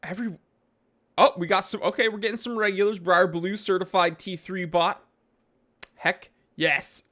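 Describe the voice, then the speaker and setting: A man hosting a casual live stream, reading viewer names and chatting in an animated way, with frequent fillers and restarts on a microphone he sometimes bumps. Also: high voice. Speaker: livestream host answering chat.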